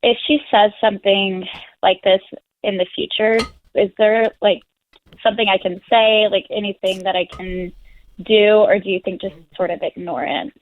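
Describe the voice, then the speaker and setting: A woman calls in over a tinny phone line and talks in a hesitant, soft way, often stopping and restarting. Her voice sits at an ordinary middle pitch. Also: fairly even intonation, moderate pace. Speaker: caller. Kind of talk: phone call-in chat.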